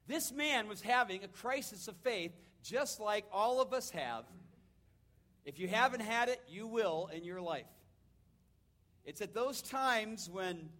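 A man preaching a sermon, retelling a story with dramatic swings between loud and hushed delivery and acting out the quoted voices. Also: sits high. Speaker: pastor.

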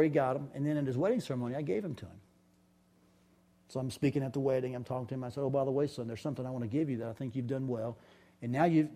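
Folksy middle-aged man, mellow voice. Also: mid-range voice. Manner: folksy, candid, chatty with restarts. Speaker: father giving a talk. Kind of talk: storytelling talk.

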